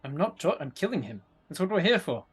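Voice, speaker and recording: A man playing a tabletop game, blunt and pushy, shouting his character's threats. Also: high-pitched, big pitch swings, fast, husky. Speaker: player.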